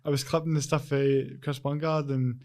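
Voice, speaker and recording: A Scottish man hosting a podcast, chatting casually and giving quick, easygoing agreement. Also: mid-range voice, little pitch movement, a little mellow, slight background noise. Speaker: podcast host. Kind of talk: casual interview chat.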